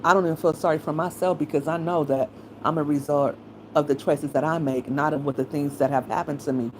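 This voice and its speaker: A low-voiced middle-aged woman, opinionated and blunt, talking casually straight into the mic. Her tone is frank and conversational. There is a faint hiss of noise under her voice. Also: steady tone, fairly quick. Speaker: commentary channel host.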